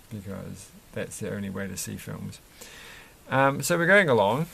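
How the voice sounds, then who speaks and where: A man talks in a loose, rambling way, chuckling and correcting himself as he goes. His voice sits low with a gravelly fry to it. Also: animated, moderate pace, a bit bright, slight background noise. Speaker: Lego build vlogger. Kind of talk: casual chat while building.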